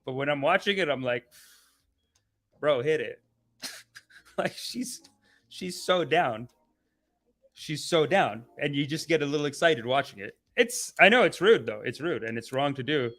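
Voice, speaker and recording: A man hosting a casual live stream, rambling and swearing excitably, often laughing mid-sentence. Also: a little high, normal speed. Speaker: host.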